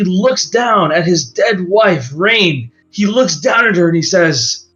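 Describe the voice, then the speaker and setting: Casual rambling game master. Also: male voice, sits high, lively intonation, takes it slowly, fairly bright tone. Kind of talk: narrating a tabletop game. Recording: dull lo-fi audio with faint music.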